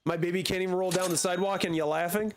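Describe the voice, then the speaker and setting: A man's voice: sits high, flat delivery, racing, slight background noise, voice pushed up, natural voice. A man voicing an exasperated young mother complaining as she pushes a stroller.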